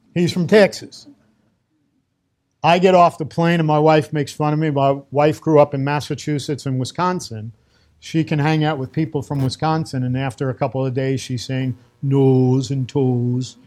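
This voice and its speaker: This Torah teacher, a middle-aged man from Brooklyn, lectures on Torah in an emphatic, conversational way with a New York accent, and Hebrew terms mixed in. His voice is on the high side, with a darkish tone.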